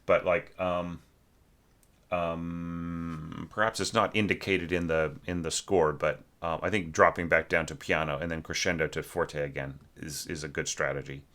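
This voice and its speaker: A man's voice: low voice, fairly even intonation, normal speed, a bit bright. A man giving a loose, rambling spoken critique of a student's orchestration, full of fillers and sung musical figures. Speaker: orchestration teacher.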